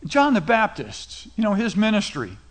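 A man's voice: high-pitched, huge pitch swings, normal speed. A middle-aged man preaching a sermon, retelling scripture in a casual, conversational paraphrase. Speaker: pastor.

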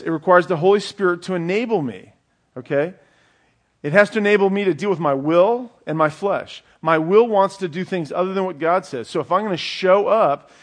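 Guy giving a sermon, kinda high voice, keeps saying okay? to the room. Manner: conversational teaching, frequent "okay?" check-ins. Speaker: pastor.

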